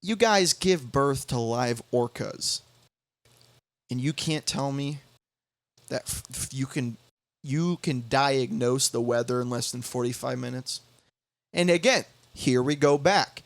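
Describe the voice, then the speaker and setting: A young man hosting a podcast, telling a story in casual chat, halting with many restarts and quoting others in bouncy voices. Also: medium pitch, no echo. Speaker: podcast host.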